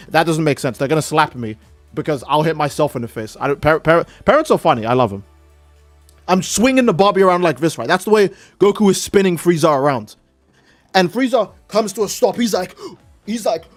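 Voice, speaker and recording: A man's voice: high-pitched, dry recording. A man streaming live, ranting in a heated, profane way and often restarting his sentences. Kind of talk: casual live-stream rant.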